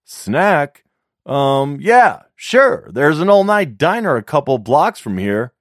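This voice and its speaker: A man voicing a friendly, chatty young man who talks eagerly in a raised, higher voice. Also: sing-song, slow pace, dry recording, studio quality.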